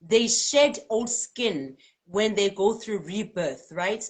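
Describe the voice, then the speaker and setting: A South African woman hosting a live spiritual card-reading stream, reading out viewers' comments in a lively, chatty way and laughing often. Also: medium pitch, slow. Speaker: spiritual healer and card reader.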